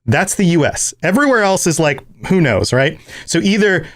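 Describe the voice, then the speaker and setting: A man hosting a podcast in casual chat. He talks in an animated way, laughs often and slips into playful impressions. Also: fairly high pitch, moderate pace, no room sound, clean studio sound. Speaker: podcast host.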